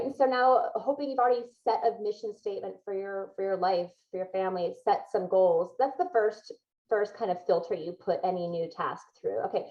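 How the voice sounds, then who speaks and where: A woman's voice: mid-range voice, a little mellow, highs cut off. A woman guest in a podcast interview giving advice in an upbeat, emphatic way, with frequent laughs.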